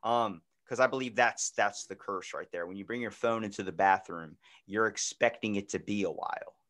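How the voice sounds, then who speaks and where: A man hosting a podcast in casual chat, telling stories with lively acted-out voices and plenty of swearing. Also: fairly low pitch, normal speed. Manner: animated storyteller acting out voices, swears freely. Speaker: podcast host.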